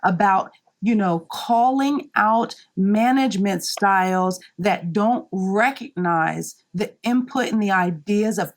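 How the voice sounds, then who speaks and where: A woman marketing leader, guesting on a podcast, speaks in a mid-range voice at a slow pace with few pauses. Candid and emphatic, she tells a work story, acting out others' lines in raised voices and often saying "right?" and "you know."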